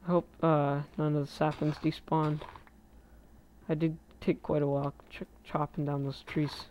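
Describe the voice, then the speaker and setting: A man giving casual, rambling gameplay commentary, correcting himself and breaking into excited outbursts. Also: fairly high pitch, moderate pace, a little hiss or hum. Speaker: gaming video creator. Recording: slightly muffled lo-fi recording.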